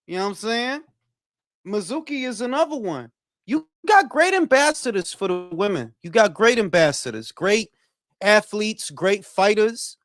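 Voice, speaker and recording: A man's voice: sits high, expressive, moderate pace, fairly bright tone, dry recording, clean studio sound. A man from Detroit with a Detroit accent, hosting a boxing talk stream and ranting in a blunt, profane, heated way. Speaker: boxing talk show host. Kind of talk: casual livestream commentary.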